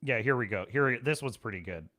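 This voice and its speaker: A man hosting a livestream show, chatting casually in a rambling, animated way and laughing often. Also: mid-range voice, quick pace.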